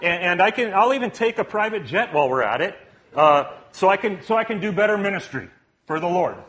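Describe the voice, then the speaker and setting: A man's voice: high-pitched, expressive, a little fast, fairly bright tone. A man preaching a conversational sermon, casual and joking, with frequent restarts and asides to the congregation. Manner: casual and joking, frequent restarts and "you know what I mean". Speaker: pastor.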